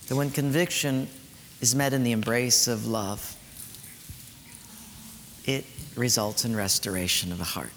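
Preacher in an echoey hall. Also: male voice, medium pitch, steady tone, measured pace, long pauses, fairly bright tone. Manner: storytelling, emphatic, preachy asides. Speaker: pastor. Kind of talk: sermon. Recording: echoey hall, faint noise.

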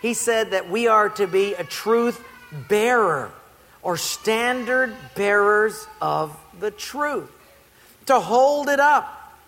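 A middle-aged male pastor preaching a sermon to a congregation, telling stories in an animated, playful way. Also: high voice, slow, soft background music. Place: church before a congregation. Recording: long hall reverb.

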